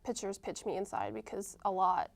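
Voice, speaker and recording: A young woman, a college softball player, answering interview questions casually, often pausing with ums and starting sentences over. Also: medium pitch, fairly even intonation, vocal fry. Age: young adult. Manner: hesitant, many ums and restarts.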